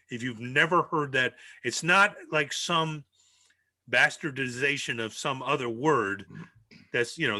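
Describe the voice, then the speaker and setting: A man's voice: mid-range voice, pushed and bright, dry recording. A man in casual podcast chat, arguing his point with pressing questions. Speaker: podcast guest.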